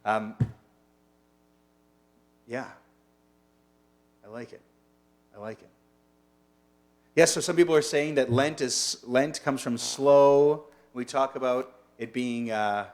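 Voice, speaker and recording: A man's voice: mid-range voice, unhurried, long pauses. A man teaching as a rabbi in a casual online lunch-and-learn, chatty and digressive, often asking his listeners questions.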